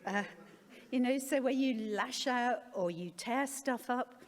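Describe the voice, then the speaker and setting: In a conference hall, a middle-aged woman gives a candid personal talk laced with wry, self-deprecating humour. Her voice is fairly high and slow. The recording carries the long reverb of a large hall.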